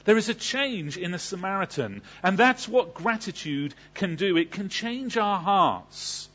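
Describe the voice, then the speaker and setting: Husky, lively preacher man. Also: high-pitched, measured pace, lo-fi sound. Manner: asks the congregation questions, then answers them. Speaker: pastor. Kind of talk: sermon.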